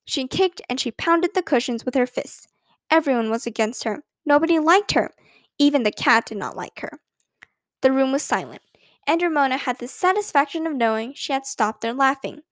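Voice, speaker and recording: A woman narrating a children's story in an expressive reading voice. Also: sits high, moderate pace, no room sound, studio quality. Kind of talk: scripted narration.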